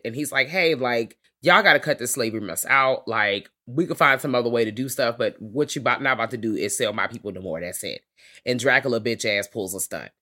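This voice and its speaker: Animated, slangy man in casual movie chat. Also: mid-range voice. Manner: animated, slangy and profane, acts out characters' lines. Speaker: podcast co-host.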